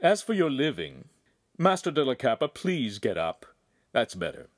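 A man voicing a commanding, good-humored nobleman who gives orders briskly and teases. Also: medium pitch, sing-song, no room sound, studio quality, voice pushed up.

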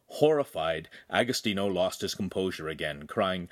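Expressive male storyteller. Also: lowish voice, normal speed. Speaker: audiobook reader. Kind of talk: scripted narration.

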